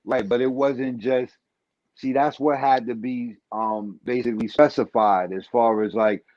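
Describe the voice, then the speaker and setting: A man's voice: mid-range voice, fairly even intonation, unhurried, darkish tone. A man talking in casual podcast banter and repeating his points with slang for emphasis. His mic sounds a little dull and muffled. It is also dry, with no room echo. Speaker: podcast co-host.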